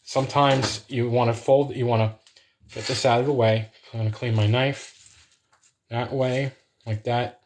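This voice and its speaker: A man hosts a live stream from his home kitchen, cooking and chatting with viewers in a casual, rambling demo. His mid-range voice has fairly even intonation, and he takes his time. Slight background noise can be heard.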